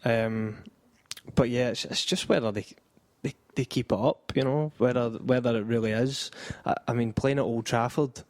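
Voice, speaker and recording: A man's voice: mid-range voice, fairly even intonation, normal speed, darkish tone, no echo. A man on a football podcast panel, talking casually and hesitantly, with many ums and restarts.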